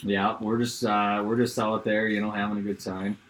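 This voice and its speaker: A middle-aged man and former hockey player, telling a story in casual chat, animated and laughing as he goes. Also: fairly low pitch, normal speed.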